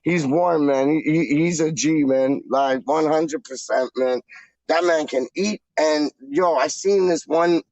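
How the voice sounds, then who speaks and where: A man co-hosting a casual chat show, talking in heavy slang and getting animated, jumping up in pitch when excited. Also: measured pace, dry recording, muffled recording. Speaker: podcast co-host.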